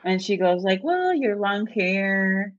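A woman's voice: mid-range voice, takes it slowly, slight background noise. A woman candidly telling a personal story, acting out the voices of the people in it. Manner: animated, acts out quoted voices with laughter. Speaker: guest telling her story. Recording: dull lo-fi dry sound.

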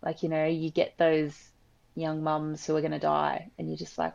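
A young woman with a low voice and a gravelly edge to it talks casually, dropping in plenty of likes and ums. The audio sounds dull and lo-fi. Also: completely flat delivery, moderate pace, a little mellow. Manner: chatty, frequent likes and ums. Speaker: emergency department nurse. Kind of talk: casual podcast chat.

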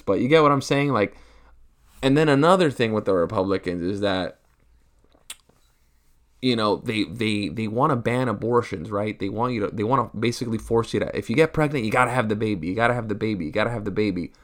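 A man in a profane stand-up rant, rambling and crude, peppering his talk with rhetorical asides. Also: fairly low pitch. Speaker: comedian.

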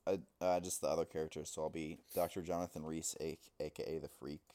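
A man's voice: extremely low pitch, level tone, fast talker, warm tone. A man chatting casually at a table read, asking wry questions, laughing often and saying "okay, got it" a lot.

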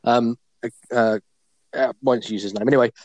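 A man's voice: medium pitch, steady tone, normal speed, darkish tone, no room sound. A man hosting a podcast, telling a bawdy anecdote in a casual, laughing way. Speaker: podcast host. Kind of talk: casual storytelling.

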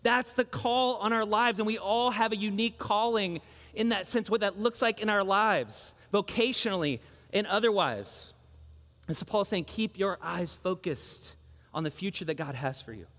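Bright-voiced male pastor preaching in a hall. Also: sits high, normal speed. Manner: earnest, emphatic preaching with repeated phrases. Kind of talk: sermon.

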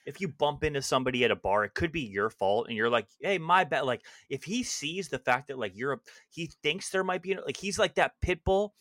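A man's voice: mid-range voice, fairly quick, few pauses, fairly bright tone, dry recording, clean studio sound. A young man co-hosting a casual podcast, telling easygoing stories with lots of fillers and laughs. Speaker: podcast co-host. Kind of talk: casual chat.

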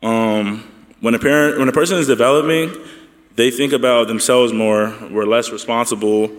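Flat-voiced man in a reverberant hall. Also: mid-range voice, normal speed. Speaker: panelist. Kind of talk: church panel discussion.

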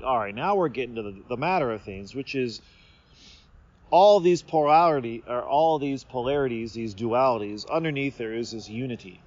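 Guy rambling outside under a tree, mid pitch, kinda muffled audio, keeps restarting his thoughts. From Seattle area, USA. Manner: meandering, self-interrupting, playful. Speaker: podcast host. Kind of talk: rambling casual monologue. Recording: slightly dull recording.

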